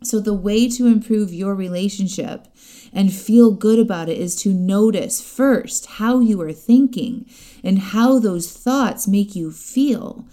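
A woman's voice: medium pitch, takes it slowly, dark tone. A middle-aged woman coaching her listeners in a chatty, direct way, often laughing as she talks. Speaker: life coach. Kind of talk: podcast-style coaching talk.

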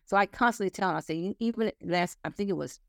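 A woman's voice: medium pitch, fast, vocal fry, dry recording, studio quality. Earnest woman in her sixties. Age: 60s. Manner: earnest storytelling, acting out quoted dialogue. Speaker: interview guest. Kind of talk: casual faith-based conversation.

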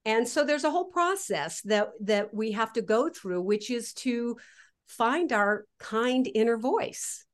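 A woman guest in a casual interview, explaining her ideas with animated, lively delivery and acting out inner voices. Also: on the high side, a little slow. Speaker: guest author.

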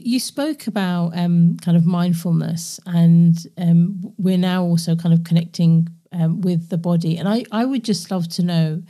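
Woman, podcast host, very dark mellow tone, lowish pitch, reflective, affirming. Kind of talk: conversational podcast interview.

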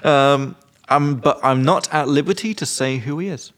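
A man's voice: medium pitch, moderate pace, a bit bright. A man hosting a casual podcast, teaching vocabulary with jokes and casual swearing. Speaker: podcast host and English teacher.

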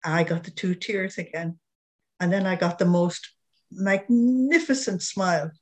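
A woman's voice: lowish voice, unhurried. An older woman with an Irish accent telling a personal story as an interview guest, anecdotal, with frequent chuckles. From Ireland.

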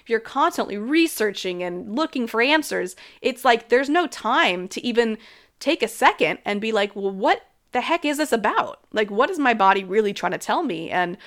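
A woman's voice: a little high, lively intonation, moderate pace, a bit bright. Chatty frank woman host, many "like"s. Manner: frank, chatty, many "like" fillers, laughs often. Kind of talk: casual solo talk on health and habits.

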